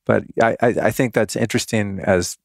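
This is a male podcast host with a fairly low voice. He muses reflectively and fills his thoughts with small asides, and the recording sounds dry and close. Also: moderate pace, creaky, dry recording. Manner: reflective, thinks aloud with many "you know"s. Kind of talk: casual podcast interview.

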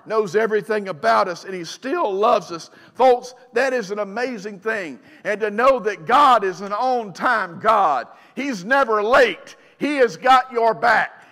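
Male pastor, high-pitched, folksy fire-and-shout delivery, long church reverb. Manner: fiery, builds to shouts, folksy asides. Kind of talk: sermon. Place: church sanctuary.

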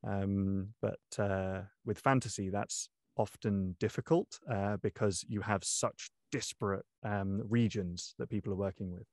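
A young man, an audiobook narrator, talking through his craft in a casual interview, pausing often with ums and restarts. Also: fairly low pitch, steady tone, darkish tone, no echo, studio quality. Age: young adult. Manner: thoughtful, many ums and restarts. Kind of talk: interview guest, casual talk.

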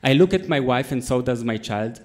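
With a medium-pitched voice at a normal speed, a man in his 30s delivers a storytelling talk at a conference hall. He plays it deadpan, landing the laughs through his comic timing.

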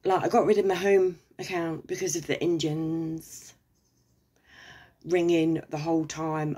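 A woman's voice: sits low, flat delivery, measured pace, mellow, slightly rough. A middle-aged woman with an English accent, ranting casually in a sweary, sarcastic, rambling way. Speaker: vlogger. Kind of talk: casual rant to camera.

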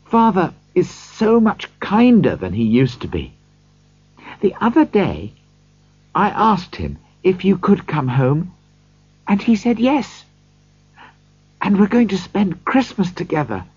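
A man's voice: high-pitched, huge pitch swings, slow, long pauses, darkish tone, slightly rough, pitched above the performer's own voice, full character voice. A man voicing a cheerful, affectionate young girl in a storybook reading, on a dull lo-fi recording. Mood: loving, excited. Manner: eager, affectionate. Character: cheerful young girl, loving little sister.

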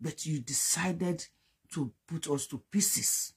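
Very raspy, fervent Yoruba-accented speaker. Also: medium pitch, slow. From Nigeria. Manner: fervent, accusing, switches between English and Yoruba; repeats phrases for emphasis. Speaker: political commentator. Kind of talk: impassioned political commentary.

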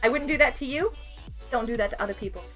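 A woman live streaming a game, excitable and giggly, chatting with her viewers. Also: a little high, fast talker, soft background music. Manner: excitable, giggly, talks to chat. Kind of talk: casual gaming live stream chat.

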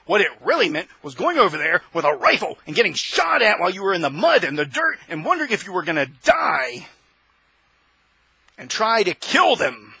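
A male host delivering an impassioned opinion monologue, preaching and rising to shouts. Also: a little high, breathy edge, no room sound, low-quality recording.

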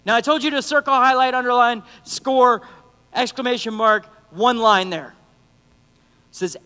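A middle-aged man preaching a lively sermon as youth pastor, joking and acting out the people in his stories. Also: very high voice, moderate pace. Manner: animated, acts out quotes, joking asides. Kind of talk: energetic sermon. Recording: long reverb of a church hall.

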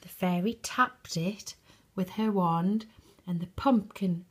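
A woman reading a bedtime story for toddlers in a soft, expressive way, sometimes dropping to a whisper. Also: on the low side, takes it slowly, breathy edge.

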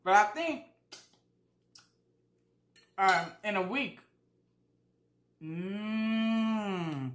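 A woman's voice: medium pitch, lively intonation, extremely slow, pauses often, roomy sound. Chatty woman eating and talking. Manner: chatty, eats while talking, repeats herself for emphasis. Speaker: vlogger. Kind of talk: casual mukbang chat.

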